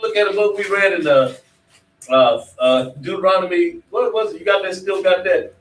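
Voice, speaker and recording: A man teaches a class with a preacher's emphasis, firing questions at his students. His voice sits a little high. He sounds distant from the mic in a roomy, echoing space. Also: normal speed. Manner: emphatic, quizzes students directly. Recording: echoey room, mic far off.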